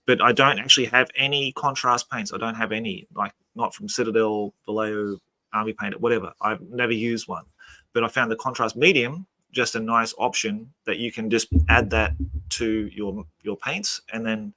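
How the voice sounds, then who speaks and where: A man's voice: fairly low pitch, fairly even intonation, moderate pace, sharp tone, dry recording. A man hosting a casual hobby chat, giving easygoing, rambling explanations. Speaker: channel host. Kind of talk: casual hobby chat over video call.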